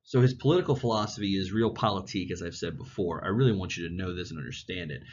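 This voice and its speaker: A man's voice: sits low, fast talker, lo-fi sound. A male history teacher giving a casual, chatty classroom lecture. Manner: casual, chatty, animated storytelling.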